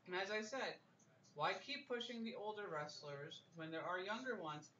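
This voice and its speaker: High-voiced man in a roomy space. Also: expressive, normal speed, sharp tone, highs cut off. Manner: argumentative, makes points with examples. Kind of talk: casual wrestling chat.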